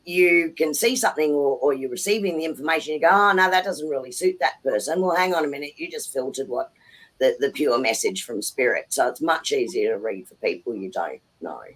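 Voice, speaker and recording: A woman's voice: a bass voice, animated, brisk, rough recording. A woman co-hosting a tarot livestream, chiming in with agreement and then explaining her view in a casual, chatty way. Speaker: co-host.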